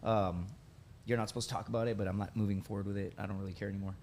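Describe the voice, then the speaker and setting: A man in his thirties, a podcast guest, telling animated personal stories in a casual way, often tagging on "dude" and "right?". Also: lowish voice, racing, a little hiss or hum. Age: 30s. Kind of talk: casual storytelling.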